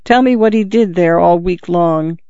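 A woman's voice: on the low side, moderate pace, warm tone, clean tone, no echo, natural voice. A man voicing a grieving young housekeeper who pleads tearfully and emotionally, in a dull lo-fi recording. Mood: pleading.

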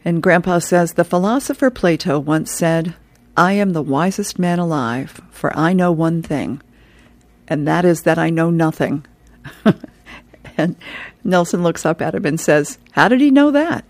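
Chatty woman host, low voice, dry sound. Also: measured pace, long pauses, a little mellow, no room sound. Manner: chatty, laughs between read-aloud jokes. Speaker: radio host. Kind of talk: reading comics and today in history on air.

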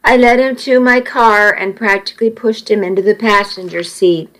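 A woman narrating a first-person audiobook in a measured, intimate storytelling manner. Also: medium pitch, steady tone, fairly bright tone, poor audio.

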